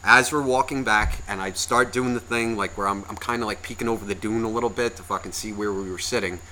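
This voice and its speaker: A man ranting his way through a podcast story, swearing freely and sounding fed up. His voice is bright and forceful and carries well over the mic. A faint hiss sits underneath. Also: fairly low pitch, fairly even intonation, fast. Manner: profane, ranting, exasperated. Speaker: podcast co-host.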